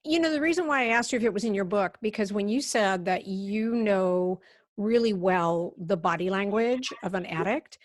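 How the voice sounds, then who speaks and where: A woman's voice: mid-range voice, moderate pace, no room sound, clean studio sound. A woman hosting a podcast, asking long, rambling questions in a chatty way. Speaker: podcast host. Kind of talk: podcast interview.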